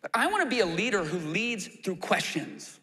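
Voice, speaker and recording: A man preaching a sermon as a pastor, animated and acting out quoted complaints in a raised voice. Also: sits high, moderate pace, in a large hall. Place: church auditorium.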